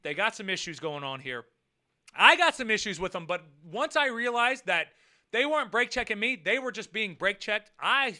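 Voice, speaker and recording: Man, vlogger; high, smooth voice; profane, animated storyteller. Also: normal speed. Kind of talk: casual storytelling vlog.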